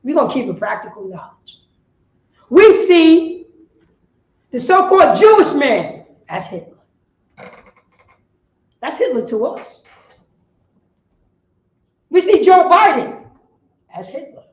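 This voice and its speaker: A woman preaching on the street, firing rhetorical questions and bursting into shouts. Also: high voice, big pitch swings, slow pace, long pauses, roomy sound, low-quality recording.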